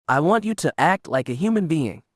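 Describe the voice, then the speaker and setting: A man voicing a drunk, gruff middle-aged smuggler who talks loudly in a slurred drawl, read as an audiobook character. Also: a little high, very animated, a little fast, no room sound, studio quality, voice pushed up. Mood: exasperated.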